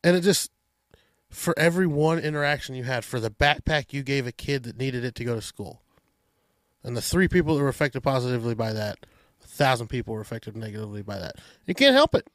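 A man hosting a podcast, telling stories in a casual, animated, profane way. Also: mid-range voice, fast, dry recording. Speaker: podcast host. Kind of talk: casual chat.

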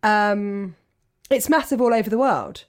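This is a woman co-hosting a podcast, talking in an easygoing, casual way and laughing readily. Her voice sits at a medium pitch, and she never hurries.

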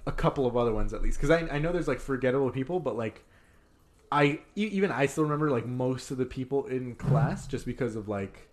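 A man's voice: medium pitch, expressive, a little fast. A young man telling crude stories in a casual chat among friends, mocking others with put-on voices.

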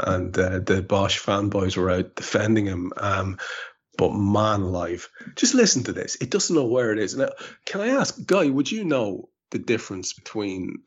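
A man's voice: lowish voice, expressive, moderate pace, husky, muffled recording. An Irish man hosting a podcast, chatting wryly and telling stories from his home in rural Ireland. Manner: chatty, wry, storytelling. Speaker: podcast host. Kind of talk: casual chat.

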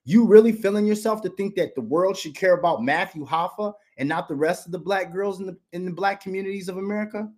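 A man's voice: sits high, quick pace, few pauses, darkish tone. Combative man ranting on a podcast. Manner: confrontational, rhetorical questions aimed at a rival; repeats the rival's name for emphasis. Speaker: podcast host. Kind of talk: heated commentary rant.

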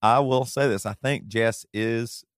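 A man's voice: medium pitch, fairly even intonation, no room sound, studio quality. A man co-hosting a podcast, teasing the others in casual chat. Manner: teasing, quick back-and-forth with laughs. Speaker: podcast co-host.

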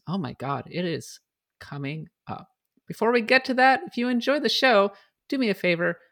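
A woman hosting a casual podcast, introducing her co-hosts and running through show notes and shout-outs in an upbeat way. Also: lowish voice. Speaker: podcast host.

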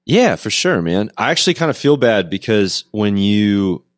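Laughing low-voiced host. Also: male voice, normal speed, no room sound, studio quality. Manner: laughs often, animated and self-deprecating. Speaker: podcast host. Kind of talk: casual interview chat.

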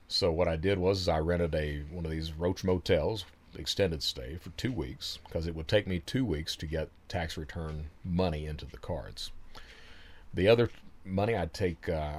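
A man telling his story in a casual interview, animated, laughing often and swearing freely. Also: low voice. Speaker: guest.

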